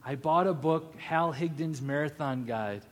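A man in his thirties preaching a sermon, telling a personal story with animated, acted-out quotes. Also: fairly high pitch, unhurried, long reverb tail. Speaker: pastor.

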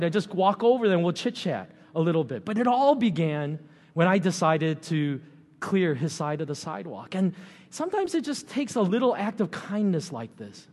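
A middle-aged man gives a sermon in a relaxed, chatty way, often adding fillers and small chuckles. His voice sits high. The sound carries a long reverb, as in a large hall. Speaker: pastor.

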